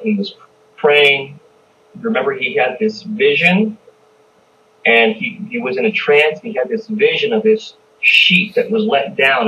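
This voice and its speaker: A man leads a church Bible study, talking the passage through in a conversational way and often asking the room questions. His voice sits a little high for a man. The recording is distant and dull, with a faint hiss behind him. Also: a bit bright. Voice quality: conversational, repeats and restarts, asks the listeners questions. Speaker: pastor teaching a Bible study. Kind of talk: expository Bible teaching.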